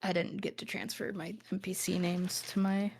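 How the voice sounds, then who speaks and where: A woman's voice: lowish voice, level tone, moderate pace, a little hiss or hum. A woman narrating a tabletop game as game master, casual and full of fillers, now and then putting on voices for characters.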